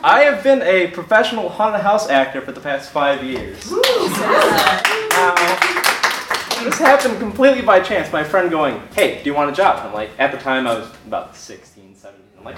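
A man's voice: a little high, moderate pace, distant mic. A young man telling a funny story on stage, laughing as he talks. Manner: animated, laughing through his story. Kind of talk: stand-up storytelling. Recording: echoey hall, mic from afar, audience noise.

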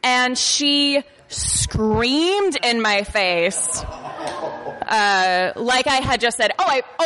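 Woman storyteller, sharp bright voice, self-mocking and tripping over words, recorded in a reverberant hall. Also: mid-range voice. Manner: self-deprecating, stumbles over words and laughs through the telling. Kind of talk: personal anecdote told to an audience.

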